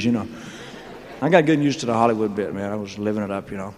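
A man's voice: on the low side, steady tone, very fast, some chatter behind. A man in his thirties, a singer, telling his career story on stage in a loose, joking, rambling way, full of "man" and "you know". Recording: long hall reverb.

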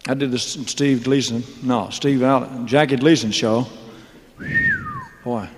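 A man's voice: medium pitch, fairly even intonation, unhurried, noisy background. A man telling stories on a concert stage in a rambling, joking way, with laughing asides. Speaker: stage performer. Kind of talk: onstage storytelling monologue. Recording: live concert hall reverb.

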